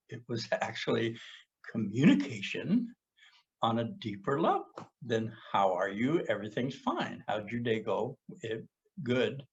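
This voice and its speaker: A man's voice: medium pitch, creaky. A middle-aged man talking in a reflective, earnest way in a casual conversation. He often stumbles and repeats words while he searches for his thoughts. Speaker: podcast co-host sharing personal experience. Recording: muffled lo-fi podcast audio.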